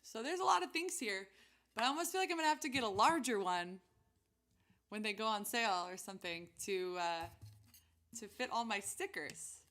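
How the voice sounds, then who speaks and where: A woman's voice: medium pitch, animated, moderate pace, a bit bright. A young woman hosting a weekly music stream, chatting casually and giggling as she thinks aloud between songs.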